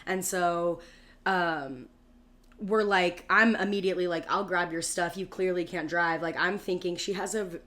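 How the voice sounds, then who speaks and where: A woman's voice: on the low side, fairly even intonation, normal speed, a bit bright. A woman in her thirties co-hosting a podcast, telling a long story in casual chat with lots of "like" fillers and acted-out quotes. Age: 30s. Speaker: podcast co-host.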